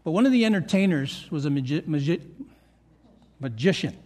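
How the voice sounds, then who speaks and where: Older man, pastor, high voice, earnest sermon, repeats his points for emphasis, church room. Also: expressive, fairly quick, darkish tone.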